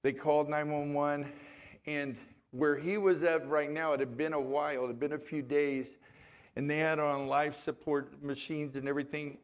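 Conversational male pastor, higher-pitched. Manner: conversational, rambling storyteller. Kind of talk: storytelling sermon with scripture reading.

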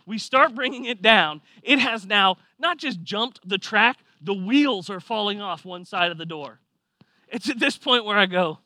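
A man preaching a sermon, telling a personal story with lively swings from quiet reflection to loud excitement. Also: high-pitched, normal speed, dry recording. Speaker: pastor.

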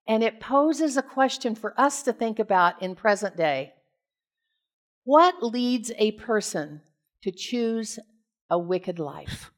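A woman's voice: fairly high pitch, very animated, slow. A woman preacher from the United States reads a Bible passage aloud, retelling parts of it in casual storytelling asides, then preaches on it and puts questions to the congregation. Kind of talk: scripture reading and sermon.

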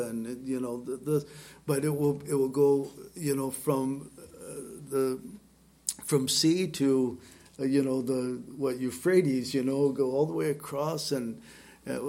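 A man's voice: medium pitch, creaky, darkish tone. A male pastor giving an expository sermon, conversational and emphatic, reading scripture aloud and adding his own asides. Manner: conversational, emphatic, with fillers and restarts.

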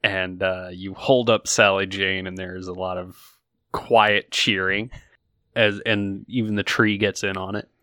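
A man running a tabletop game as game master. He tells the story slowly and draws out his words in a fairly low voice. The sound is dry and close on the mic. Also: level tone, sharp tone, no room sound. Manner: slow, drawn-out storytelling. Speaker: game master and podcast host.

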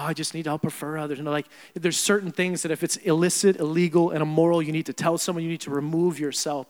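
A young adult man preaching a sermon as pastor, animated, swinging between loud emphasis and quiet asides. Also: high voice. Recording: long hall reverb.

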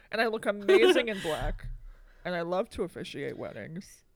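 A woman's voice: on the low side, a little slow, vocal fry, slight background noise. A woman co-hosting a podcast, retelling a movie in casual chat with plenty of fillers and some swearing. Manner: chatty, animated retelling, swears, laughs often. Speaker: podcast co-host.

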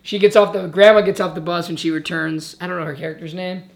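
A man's voice: sits high, steady tone, fast, gravelly. A man co-hosting a casual movie-review podcast, cracking blunt, sarcastic jokes. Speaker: podcast co-host.

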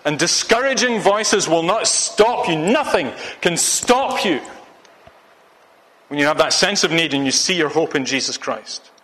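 A man's voice: on the high side, animated, unhurried, fairly bright tone. A man from Scotland preaching a sermon, earnest and urging, repeating phrases for emphasis. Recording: long hall reverb.

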